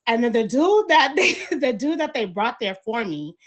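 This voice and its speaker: A woman's voice: on the high side, normal speed. A woman, a panelist telling a long story on a panel show and acting out the lines of the people in it. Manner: animated storyteller, acts out quotes.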